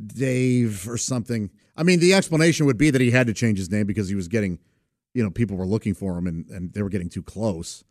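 A man's voice: mid-range voice, a little mellow, no room sound, studio quality. A man hosting a podcast in a casual monologue, chatty and rambling, laughing at his own stories. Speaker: podcast host.

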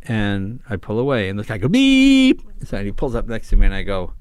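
A man's voice: fairly low pitch, fast, dry recording. An older man, a comedian, chatting casually and telling anecdotes, acting out the people in them. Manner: animated, acts out voices in anecdotes. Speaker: comedian guest. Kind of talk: casual chat, storytelling.

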